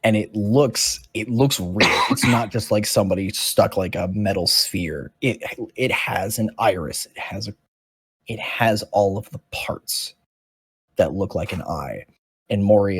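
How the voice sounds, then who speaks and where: A man's voice: sits low, a little slow, slightly rough, no echo. A man narrating as dungeon master in a casual, rambling way with many fillers. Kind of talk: narrating a tabletop game.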